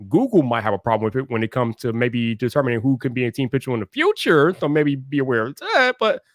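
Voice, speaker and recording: A man's voice: medium pitch, very animated, fast, no echo, clean studio sound. Laid-back man co-hosting a livestream. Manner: laid-back slangy talk. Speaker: livestream co-host. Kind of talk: casual livestream chat.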